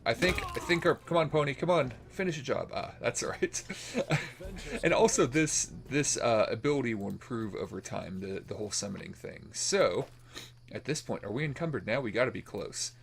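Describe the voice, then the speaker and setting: A man's voice: mid-range voice, lively intonation, normal speed, gravelly. A man hosting a let's play, commenting casually on a role-playing game as he plays, rambling with fillers and restarts. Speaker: gaming channel host.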